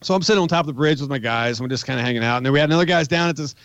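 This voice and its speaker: A man's voice: medium pitch, racing, a bit bright, dry recording, dull audio. A man in his forties, a podcast guest, telling a rambling, profane war story in casual talk. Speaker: podcast guest, magazine editor.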